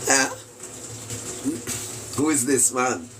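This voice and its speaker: Jamaican man, self-styled preacher, slow, husky, mocking, heard a bit off-mic. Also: medium pitch, expressive, bright, forceful tone, far from the mic, a little hiss or hum. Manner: rhetorical questions, mocking laughter, preachy. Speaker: self-styled spiritual commentator. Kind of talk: rambling monologue.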